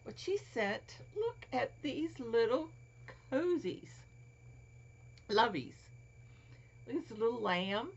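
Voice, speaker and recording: Gravelly woman cooing in a crafting vlog. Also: medium pitch. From Florida. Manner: cooing over small toys, drops to whispers. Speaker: crafting vlogger. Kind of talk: casual show-and-tell vlog. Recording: dull lo-fi home recording, faint hiss.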